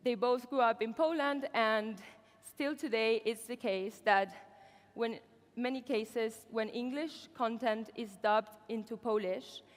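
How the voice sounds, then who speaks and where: A woman's voice: fairly high pitch, slow pace, in a large hall. A woman presenting at a conference in an upbeat way, with the odd filler. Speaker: conference speaker. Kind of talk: keynote presentation. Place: conference hall.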